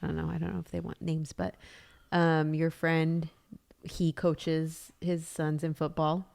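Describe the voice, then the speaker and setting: A woman with a somewhat low voice co-hosts a podcast in a relaxed, chatty way, leaning on "like" between her thoughts. Her talk is casual and conversational. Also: measured pace, creaky. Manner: chatty, many "like" fillers. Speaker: podcast co-host. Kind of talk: casual chat.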